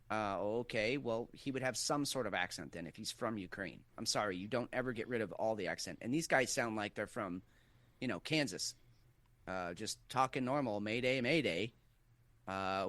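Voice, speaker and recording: A man's voice: medium pitch, fairly bright tone, no room sound. Middle-aged male co-host, skeptical and insistent, dry booth sound. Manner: insistent, skeptical, hedging fillers. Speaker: podcast co-host. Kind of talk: casual conspiracy talk.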